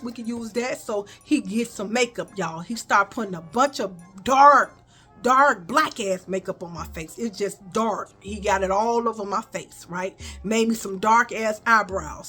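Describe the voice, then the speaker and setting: A woman telling a childhood story in a casual, animated way, calling her viewers y'all and baby. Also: medium pitch, slightly rough. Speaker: storyteller vlogger.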